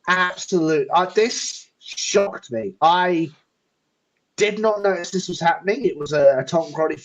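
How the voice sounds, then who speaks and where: A man's voice: sits high, a little slow, a little hiss or hum, low-quality recording. A man co-hosting a casual live-stream sports talk show, laid-back, laughing often and walking through stats.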